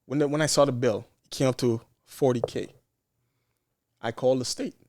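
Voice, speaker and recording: A man's voice: mid-range voice, fairly even intonation, normal speed, darkish tone. A man from Canada, a nurse and podcast guest, telling a story in casual chat and acting out quoted exchanges with frequent restarts.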